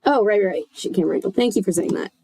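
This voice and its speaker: A woman's voice: mid-range voice, quick pace, creaky, warm tone, husky. A woman reading a children's horror book aloud casually, with chatty joking asides.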